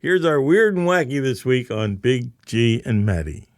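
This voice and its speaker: A man from Canada hosting a podcast, bantering and teasing his co-host with quick interjections. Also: mid-range voice, sing-song, no echo, clean studio sound. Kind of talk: casual banter.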